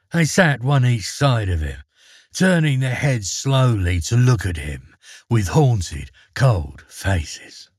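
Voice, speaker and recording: A man's voice: lowish voice, slightly rough, no echo, clean studio sound. A man narrating a fairy tale in a theatrical way, with wry asides. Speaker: storyteller.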